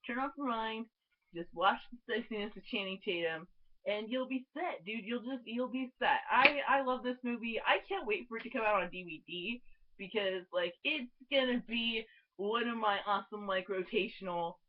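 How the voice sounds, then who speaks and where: A woman's voice: on the high side, normal speed. Bubbly giggly young woman vlogger. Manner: bubbly, giggly, full of filler words. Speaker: movie review vlogger. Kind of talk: casual movie review vlog. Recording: dull lo-fi webcam audio.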